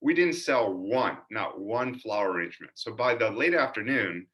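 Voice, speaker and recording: A man tells stories from his childhood about his father, earnest and animated as he recalls each mishap. His voice sits a little low but has a bright, forceful edge. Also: moderate pace. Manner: earnest, animated storytelling with lively quoted voices. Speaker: son telling family stories. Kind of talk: personal storytelling narration.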